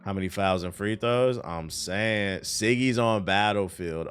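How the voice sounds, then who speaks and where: A man streaming live, giving casual, profane, animated commentary on news, his voice a bit tired. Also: on the low side, measured pace, soft background music.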